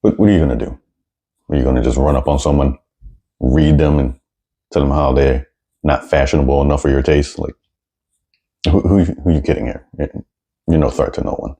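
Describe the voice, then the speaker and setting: A man's voice: very deep voice, fairly even intonation, brisk, pauses often, warm tone. A man giving blunt, sarcastic commentary while reacting to news clips, often repeating words as he gets going.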